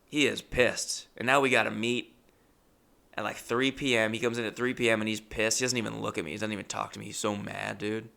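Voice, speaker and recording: A male comedian telling a story in an animated, profane, exasperated way. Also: lowish voice, brisk, vocal fry.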